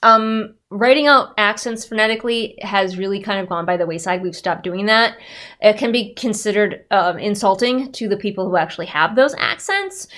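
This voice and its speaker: A woman talks straight to her viewers in a loose, conversational vlog. She sounds candid and pokes fun at herself, at a middle pitch typical for a woman. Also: moderate pace, fairly bright tone. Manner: candid, self-deprecating, conversational. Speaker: writer and developmental editor. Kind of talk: casual chatty vlog.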